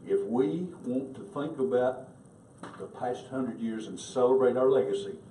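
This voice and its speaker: A man's voice: mid-range voice, unhurried, warm tone, a little hiss or hum. Rousing man with a Southern US accent. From North Carolina. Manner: rhetorical questions, rousing. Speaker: candidate for national commander. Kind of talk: rousing speech. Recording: echoey hall, distant mic.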